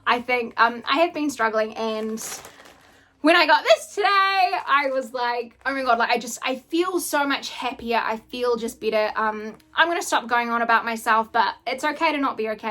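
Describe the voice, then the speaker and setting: Gushing high-voiced young woman vlogger. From New Zealand. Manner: gushing, excitable, emotional, swears casually. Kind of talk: casual unboxing vlog.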